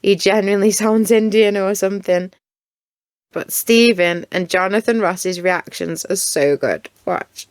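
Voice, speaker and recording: A woman's voice: medium pitch, unhurried, smooth, dry recording. A woman with a Stoke accent narrating in a giggly, chatty way. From Stoke-on-Trent, England. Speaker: documentary narrator. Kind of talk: casual narration.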